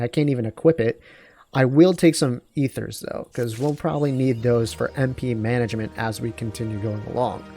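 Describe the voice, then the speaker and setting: A man's voice: medium pitch, gravelly, mellow. A man hosting a let's play, talking through his game in a rambling, digressive, self-deprecating way. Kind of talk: casual gameplay commentary.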